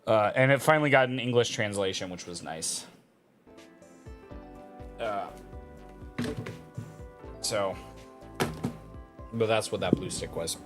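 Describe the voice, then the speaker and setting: A man's voice: lowish voice, slow, long pauses, music in the background. A man streaming a visual novel, chatting casually and reading the narration aloud.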